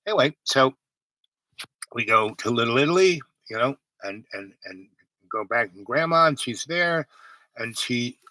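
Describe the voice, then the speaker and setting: A man's voice: mid-range voice, expressive, a little slow, bright, forceful tone, dry recording, low-quality recording. A man telling a meandering personal story, full of asides and restarts.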